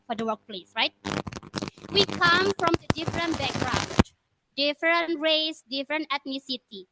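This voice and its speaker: A woman's voice: sits high, sharp tone, no echo, rough recording. A woman giving a prepared club speech over a video call, chatty and asking the audience questions.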